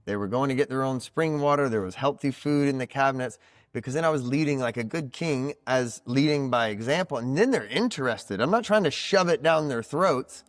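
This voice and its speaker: A man's voice: medium pitch, animated, a little fast, dry recording, studio quality. Reflective, teacherly man on a podcast. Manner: reflective, teacherly, full of "like" fillers. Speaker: podcast guest, card reader. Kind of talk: casual podcast conversation.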